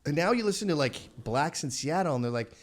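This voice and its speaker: A man in his fifties, a podcast guest, telling profane stories in casual chat and slipping into quick character voices. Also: a little high, lively intonation.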